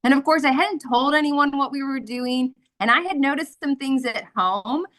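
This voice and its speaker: A woman's voice: high-pitched, normal speed, a bit bright. A woman in her thirties giving an earnest, emotional personal testimony as a mother, with frequent fillers. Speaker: guest sharing a testimony.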